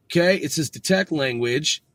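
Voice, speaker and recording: A man studying on his own and talking it through out loud, rambling and swearing as he practices phrases. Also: fairly low pitch, moderate pace, dry recording. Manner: profane, rambling, thinks aloud. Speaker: podcast host learning Korean. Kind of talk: casual self-study talk.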